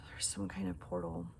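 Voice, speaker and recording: A woman giving a casual tarot reading to camera at home, chatting and musing aloud and often dropping to a soft near-whisper. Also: fairly low pitch, gravelly, slight background noise. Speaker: tarot reader. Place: home room.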